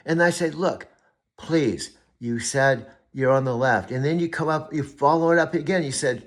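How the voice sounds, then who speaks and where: A man's voice: a little high, normal speed. A man who hosts and coaches an AI, talking in an emphatic, insistent way and repeating his point. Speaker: host and AI coach. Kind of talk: casual heated conversation.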